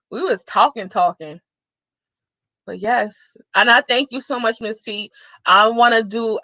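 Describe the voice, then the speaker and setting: A woman hosting a casual live-stream chat, reading comments aloud and giving shout-outs, with bursts of excited exclamation. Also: medium pitch, no room sound. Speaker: livestream host. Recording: dull, dry lo-fi live-stream audio.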